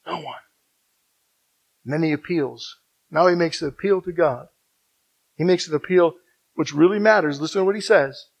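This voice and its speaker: A man preaching a sermon, swinging from loud emphatic declarations to hushed, near-whispered passages and repeating key phrases. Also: fairly high pitch, moderate pace, creaky, long pauses, rough recording. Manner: emphatic repetition.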